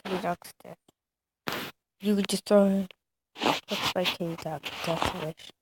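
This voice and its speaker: A woman's voice: on the low side, steady tone, slow, very noisy. A woman ranting casually in a reaction video, mocking and giggly, rambling with many fillers. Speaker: video creator.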